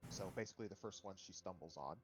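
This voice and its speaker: A man's voice: low-pitched, fast, soft background music, rough recording. A man playing in a tabletop game, asking questions casually and declaring his character's actions. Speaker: player.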